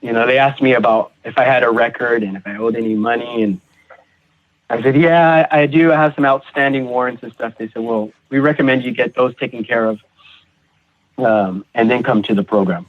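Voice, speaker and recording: A man guest on a recovery podcast, telling his personal story in a halting way, repeating words and acting out what others said. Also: mid-range voice, steady tone. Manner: halting, repeats words, acts out quoted voices. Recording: tinny phone-like audio.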